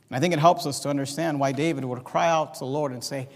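Man, preacher, impassioned sermon, high pitch, long hall echo. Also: fast talker, vocal fry. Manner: impassioned, swings between loud emphasis and quiet asides. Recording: long reverb of a large hall.

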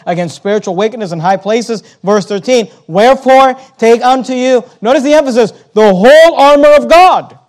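A man's voice: sits high, a little mellow. A man preaching a sermon, emphatic, asking rhetorical questions and reading scripture aloud in King James wording.

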